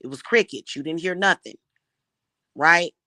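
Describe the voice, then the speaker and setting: A woman's voice: on the low side, moderate pace, sharp tone, no echo, clean studio sound. A woman giving blunt love advice in a casual monologue, emphatic and swearing freely.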